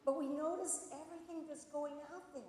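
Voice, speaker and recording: A woman author speaking to students at a school assembly, animated and coaching the audience through instructions. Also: high-pitched, brisk, a little hiss or hum. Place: large auditorium. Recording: echoey auditorium, far from mic.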